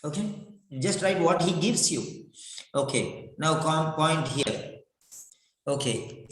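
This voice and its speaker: A man teaching a writing lesson slowly, repeating words and spelling them out letter by letter. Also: on the high side, a bit bright, a little hiss or hum. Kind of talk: online exam-prep lesson. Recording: echoey room.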